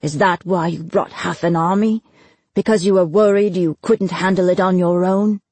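A woman's voice: lowish voice, moderate pace, husky, dry recording. Bored, defiant young man read by a woman. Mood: coldly defiant. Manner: flat, bored delivery. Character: defiant young man, bored and cold toward his father.

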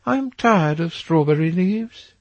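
A lilting, high-pitched society lady who teases and banters in a crisp, dry storybook reading, as a male narrator puts her on. Her voice swoops widely and carries a gravelly edge underneath. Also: expressive, measured pace, no echo, lo-fi sound. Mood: wistful banter. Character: high-born woman, teasing and playful.

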